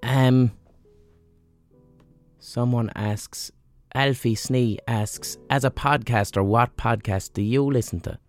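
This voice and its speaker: A man's voice: medium pitch, fairly even intonation, slow, long pauses, faint music behind. Blunt sweary man, feverish. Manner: blunt, sweary, rambling with many ums. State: feverish, unwell. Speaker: podcast host. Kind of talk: casual solo monologue.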